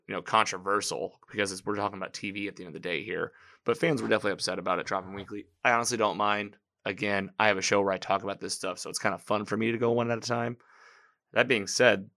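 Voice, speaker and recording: A man with a fairly low voice hosts a podcast, talking through a TV episode in loose live-watch commentary. He recaps scenes in an animated, chatty way, quoting characters and chuckling as he goes. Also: gravelly. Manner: chatty, animated recapping with laughs and quoted lines. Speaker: podcast host.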